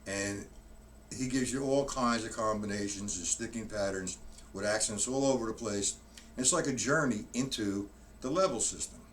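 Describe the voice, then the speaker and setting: A drum teacher whose voice sits on the low side speaks at a moderate pace, giving clear step-by-step instructions in a live-streamed lesson and often beginning his sentences again. He's heard through a distant mic in a room with a drum kit, with loud drumming and a little hiss or hum.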